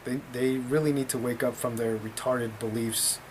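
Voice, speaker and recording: A man's voice: mid-range voice, steady tone, normal speed, noisy background. A man telling a story in a casual vlog, talking in a blunt, profane, rambling way.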